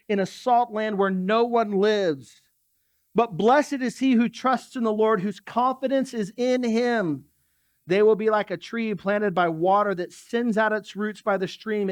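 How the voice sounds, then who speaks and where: A man's voice: high-pitched, dry recording. A man preaching a sermon in a church, talking in a conversational way and turning to the congregation with asides. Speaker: pastor.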